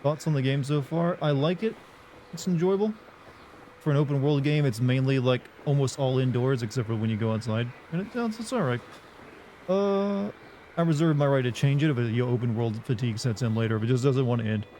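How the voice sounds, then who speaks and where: With a quick pace and a warm tone, a young man from the American South talks casually through a live game stream, chatty, meandering, and self-deprecating. His pitch is medium and his Southern accent is slight. Some background noise is audible.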